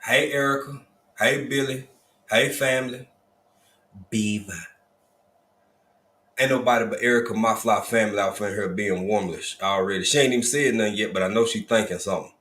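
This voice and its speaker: Folksy low-voiced man hosting a livestream. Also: normal speed, pauses often, a bit bright, roomy sound. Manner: folksy, drawling Southern Black vernacular, repeated greetings. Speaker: livestream host. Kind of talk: casual livestream chat, greeting viewers.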